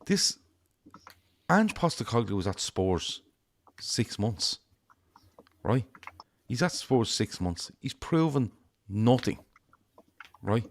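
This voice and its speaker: A man's voice: mid-range voice, big pitch swings, slow, long pauses. A man giving blunt, emphatic opinions in a casual fan chat, swearing freely. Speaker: fan show panelist.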